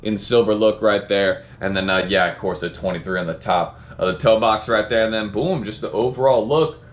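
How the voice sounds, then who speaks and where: Fast-talking Southern sneaker vlogger. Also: male voice, fairly low pitch. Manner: rambling, upbeat, lots of fillers like "right?". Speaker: sneaker reviewer. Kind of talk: casual unboxing vlog.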